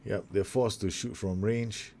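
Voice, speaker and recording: A young man with a slightly low voice talks through a football management game in casual let's-play commentary. He calls the action play-by-play, gets excited at goals and trips over his words with quick corrections and asides.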